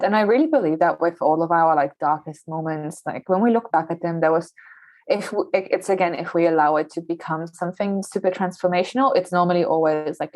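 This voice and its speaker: Young woman, podcast guest, low voice, dry close sound, chatty storytelling with fillers. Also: a little mellow, no echo. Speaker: guest, yoga teacher and wellness coach. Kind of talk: casual podcast interview. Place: Revelstoke, Canada.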